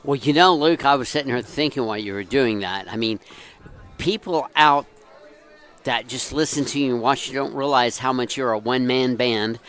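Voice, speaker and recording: Bright, rambling enthusiastic co-host. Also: male voice, mid-range voice, normal speed, smooth. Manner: rambling, enthusiastic, laughs often. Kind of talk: casual sports talk and sponsor plugs.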